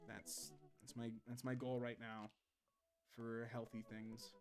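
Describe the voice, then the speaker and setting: A young man streaming a game live, chatting casually with quick jokes and asides while reading the game text aloud. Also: mid-range voice, darkish tone, faint music behind.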